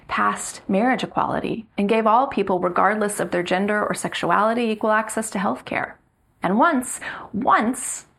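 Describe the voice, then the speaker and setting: A middle-aged woman delivers a sermon, earnest and measured. She leans into slow, emphatic repetition, and her mid-pitched voice carries a gravelly fry. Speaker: pastor.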